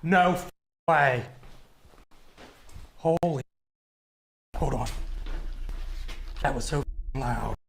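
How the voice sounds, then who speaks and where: A man investigating a dark, cold old building alone, talking in a hushed, jumpy way and calling out to unseen spirits. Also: mid-range voice, animated, very slow, gravelly, long pauses. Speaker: paranormal investigator. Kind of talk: ghost-hunting narration and calling out to spirits.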